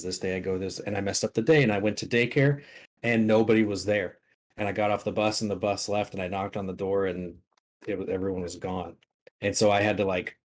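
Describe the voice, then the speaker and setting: Young male co-host, somewhat low voice, laid-back anecdote teller. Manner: laid-back storytelling with casual swearing. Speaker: podcast co-host. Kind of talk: casual chat.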